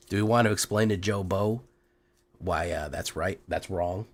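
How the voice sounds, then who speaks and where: A man streaming and commenting casually on his gameplay, hoarse from being sick, relaxed and joking, with asides he mumbles under his breath. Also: on the low side, normal speed. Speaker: game streamer.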